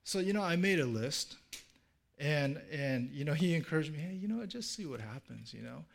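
A man's voice: fairly high pitch, lively intonation, moderate pace, gravelly. A middle-aged man preaching a sermon in a casual storytelling way, full of fillers and restarts, lifting his voice for the people he quotes. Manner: acts out quoted speech in a livelier voice. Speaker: pastor.

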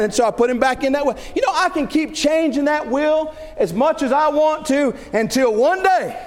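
Animated male preacher in a reverberant hall. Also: extremely high pitch, normal speed, hardly any pauses. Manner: animated, rhetorical questions, acts out scenarios. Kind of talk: sermon.

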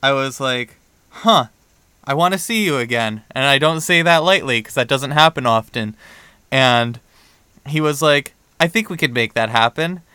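Young man, podcast co-host, bright crisp voice, dry close mic, lively storytelling. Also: medium pitch, moderate pace, no echo. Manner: animated storyteller, acts out quoted dialogue. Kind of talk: casual chat, storytelling.

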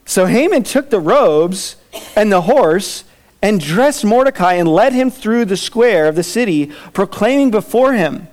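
A pastor with a high, slightly mellow voice and lively intonation speaks a little slowly. Preaching a sermon, he reads scripture aloud and acts out the characters' voices with laughter.

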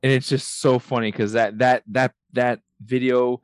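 A man's voice: medium pitch, steady tone, moderate pace, no echo, studio quality. A young man co-hosting a podcast, chatting in an easygoing, agreeable way with lots of filler words. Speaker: podcast co-host. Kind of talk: casual chat.

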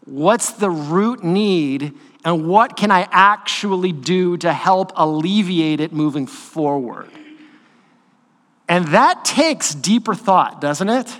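A man preaching a sermon as pastor, talking in a conversational, animated way with quick asides to the congregation. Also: sits high. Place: church sanctuary. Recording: long hall reverb in a church.

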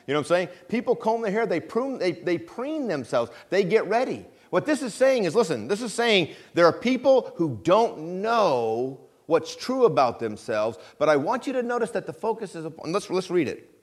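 His voice sits high and swings widely in pitch as this middle-aged pastor gives a conversational sermon in a church sanctuary. He keeps checking in with the congregation through call-and-response and slows down to stress scripture phrases.

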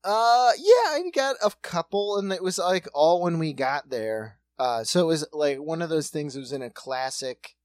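A man in casual comedic chat, riffing with quick jokes and profanity. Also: a little high, animated, dry recording.

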